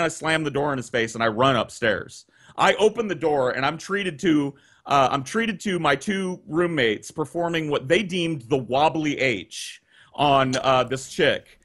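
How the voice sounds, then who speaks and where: A man telling a long story on a podcast, animated and profane, acting out the people he quotes, on a video call. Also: mid-range voice, normal speed. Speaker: guest storyteller.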